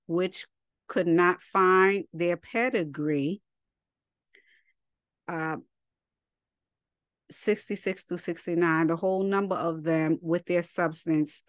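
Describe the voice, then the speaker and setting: Smooth and on the low side, this woman's voice comes through in echo-free studio quality. She teaches scripture in a colloquial, conversational style, reading passages and wandering into asides as a Bible teacher.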